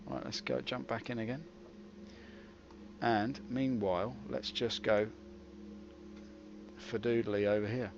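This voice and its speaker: A man's voice: medium pitch, fairly even intonation, takes it slowly, creaky, long pauses. A British man giving wry, rambling commentary while streaming a game. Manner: wry, rambling, self-mocking. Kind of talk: casual livestream commentary. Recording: dull lo-fi with faint hiss.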